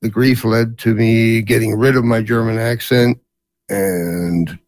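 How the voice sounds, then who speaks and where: A man's voice: medium pitch, fairly even intonation, takes it slowly, a little mellow, dry recording. A man in his seventies who grew up in Canada, telling family stories as an interview guest in a rambling way with many fillers. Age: 70s. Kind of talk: storytelling in a casual interview.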